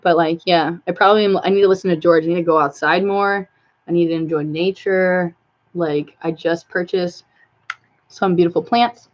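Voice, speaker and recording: A woman's voice: on the low side, fairly even intonation, normal speed. A woman talking casually to viewers on a live stream, rambling with many fillers and asides. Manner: rambling, filler-heavy, talks to viewers and her cat. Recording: slightly dull lo-fi stream audio.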